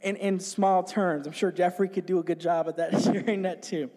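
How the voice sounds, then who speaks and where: A man with a notably high voice delivers an excited sermon, jumping about as he speaks and getting the small congregation to repeat his lines. His voice rings with a long reverb off the walls of the church hall. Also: normal speed. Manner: call-and-response with congregation. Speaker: pastor. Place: small church with few people.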